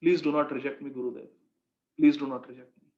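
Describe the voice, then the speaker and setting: A man voicing a humble, tearful young girl, speaking softly and apologetically. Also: medium pitch, fairly even intonation, quick pace, lightly acted. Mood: pleading. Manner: soft, pleading and apologetic. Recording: echoey, dull lo-fi room recording.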